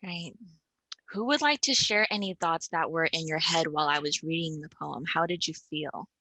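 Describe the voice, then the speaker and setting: A woman's voice: deep voice, moderate pace, sharp tone, dry recording, rough recording. A woman facilitating an online workshop, inviting the group to share their thoughts with open questions. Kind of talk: leading a group discussion. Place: online video session. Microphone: video call.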